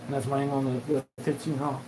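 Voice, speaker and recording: A man's voice: mid-range voice, level tone, fast, darkish tone, slight background noise, rough recording. A man hosting a solo show, talking in a rambling, profane monologue and acting out quoted back-and-forth exchanges. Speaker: host.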